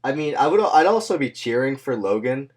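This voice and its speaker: A man's voice: medium pitch, big pitch swings, brisk, husky. A man hosting a podcast in loose, slangy casual chat, swearing freely and laughing often. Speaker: podcast host.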